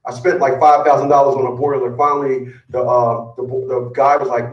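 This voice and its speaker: A man's voice: mid-range voice, little pitch movement, brisk, echoey room, distant mic, dull audio. A man giving blunt, boastful relationship advice in a casual, profane rant, often repeating words as he gets worked up. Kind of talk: casual ranting monologue.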